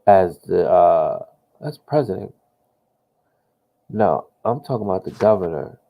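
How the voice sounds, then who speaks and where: Over narrow, tinny audio, a man with a low, creaky voice comments live on the political simulation game he's playing. His pace is measured but his intonation lively, and he thinks aloud with fillers, restarts and a steady stream of slang like "yo."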